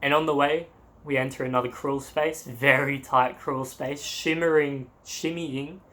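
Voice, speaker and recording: A man's voice: fairly high pitch, fairly bright tone. A young Australian man, a travel vlogger, telling a story casually and animatedly, laughing and acting out quotes.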